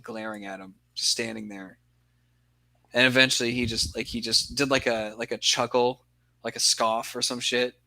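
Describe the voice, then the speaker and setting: A man's voice: mid-range voice, bright, forceful tone, no echo. A young man on a podcast, telling a story in rambling casual chat and swearing a lot. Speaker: podcast co-host.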